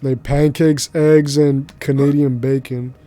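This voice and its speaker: A man's voice: medium pitch, little pitch movement, unhurried, warm tone. A male streamer chatting casually while he plays, rambling in slangy speech and laughing easily. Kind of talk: casual chat while gaming.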